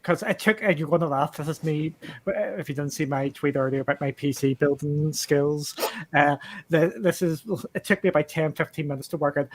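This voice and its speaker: A man with a fairly high voice, chatting on a podcast. He jumps in eagerly, pokes fun at himself and fills the gaps with "uh". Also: brisk. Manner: excitable and self-mocking, with many "uh" fillers. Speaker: podcast panelist. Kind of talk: casual podcast chat.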